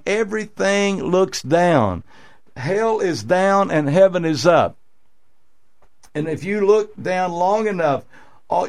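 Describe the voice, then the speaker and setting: A man preaching an earnest sermon as pastor of a radio church, repeating his phrases and pausing on fillers. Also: on the high side, vocal fry.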